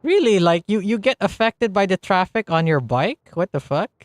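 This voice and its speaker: A man's voice: sits high, expressive, normal speed, dry recording. A man giving casual live-stream commentary on a game, rambling with many fillers and restarts, sometimes reading on-screen text aloud.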